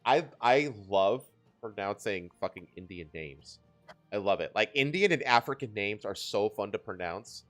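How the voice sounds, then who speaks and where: A man's voice: on the low side, lively intonation, normal speed, a bit bright, soft background music. A man co-hosting a podcast, reading news stories in a loose, joking way and laughing often. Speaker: podcast co-host. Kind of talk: casual news chat.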